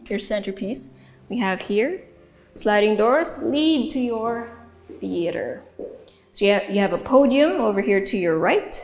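A woman with a Filipino accent hosting a house tour, chatty and giggly, now and then slipping into Tagalog. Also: medium pitch. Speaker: real estate tour host. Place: indoors in a large house.

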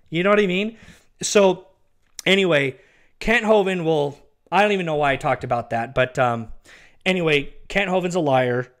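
Here the same kind of rant comes in a high-pitched, slightly bright male voice at a moderate pace. The ex-ministry worker tells his story casually but agitatedly, repeating himself, stressing points, and insulting an absent former coworker he speaks to directly.

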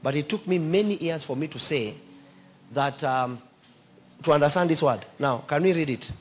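A man's voice: on the high side, normal speed, husky. A man preaching a sermon, emphatically quizzing his congregation with questions.

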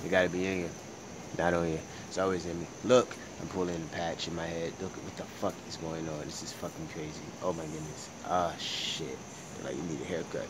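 A young man ranting profanely in a casual vlog, swinging between low mumbling and loud shouting. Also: fairly quick, slight background noise. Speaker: vlogger.

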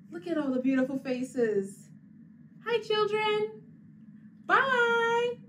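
A woman's voice: extremely high pitch, slow, long pauses, fairly bright tone. A woman librarian reading a picture book aloud to young children in a sing-song, encouraging voice, making animal sounds and speaking to unseen listeners. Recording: distant mic with faint background noise.

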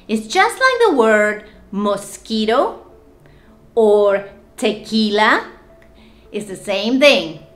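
A young woman giving a language lesson, saying each word twice with clear, careful enunciation before its English meaning. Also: fairly high pitch, a bit bright. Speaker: Spanish teacher.

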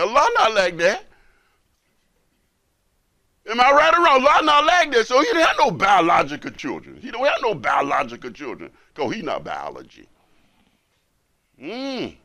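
Speaking fairly quickly with a fairly high voice and huge swings in pitch, an imam gives the Friday sermon. His delivery moves from soft to loud and builds to forcefulness, with emphatic repetition and rhetorical questions.

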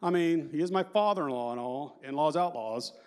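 A man in his fifties giving a lively, joking conference talk and quizzing the audience. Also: a little high, fairly quick, smooth. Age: 50s. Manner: animated and joking, asks the audience questions. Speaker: conference speaker.

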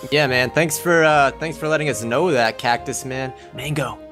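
A man's voice: medium pitch, moderate pace, music in the background. A man playing along in an improvised game roleplay, teasing the others in a laid-back way. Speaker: roleplay co-player.

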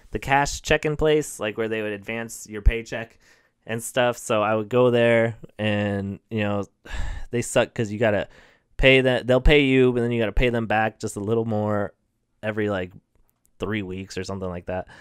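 A man's voice: lowish voice, smooth, no room sound. A man in his twenties hosting a podcast, rambling through crude, self-deprecating stand-up jokes with lots of fillers. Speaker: podcast host and stand-up comedian. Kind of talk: casual comedic monologue.

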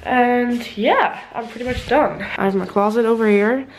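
A woman's voice: on the high side, moderate pace, slight background noise, poor audio. A young woman from the Netherlands, giving a casual, giggly vlog tour of a new apartment, laughing often and swearing freely. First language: Dutch. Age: young adult. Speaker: vlogger.

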